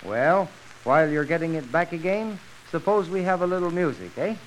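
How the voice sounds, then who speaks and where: Man with a high voice in an old radio scene, welcoming and earnest, faint hiss. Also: lively intonation, moderate pace, low-quality recording. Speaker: doctor hosting a visitor. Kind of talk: 1930s radio dialogue.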